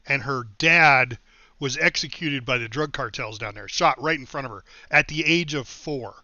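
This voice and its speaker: A man's voice: medium pitch, normal speed, sharp tone, no echo, muffled recording. A middle-aged man streaming a game, telling long personal stories in a casual, rambling way and thanking his followers. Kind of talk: casual storytelling while livestreaming.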